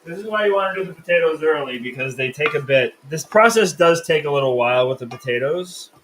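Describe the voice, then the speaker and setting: A man's voice: a little high, expressive, fast talker, fairly bright tone, a little hiss or hum, poor audio. Chatty man hosting a live cook-along. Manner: joking, chatty, explains steps. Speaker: cooking show host.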